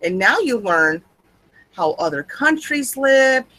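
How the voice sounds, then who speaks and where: A woman's voice: on the high side, sing-song, takes it slowly, fairly bright tone, no room sound, poor audio. A young adult woman co-hosting a podcast, chatting casually in a rambling, wry, self-mocking way. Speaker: podcast co-host. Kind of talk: casual chat.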